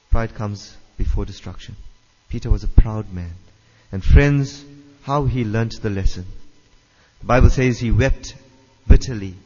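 A man's voice: medium pitch, a little mellow. A man preaching a sermon, emphatic, repeating his phrases and putting questions to the listeners. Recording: dull reverberant hall sound.

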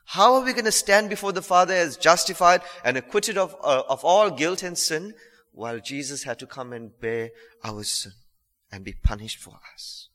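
Male preacher, earnest and repetitive, bright tone, reverberant church hall. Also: on the high side, animated. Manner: earnest, repeats phrases for emphasis, slows on key lines. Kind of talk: sermon.

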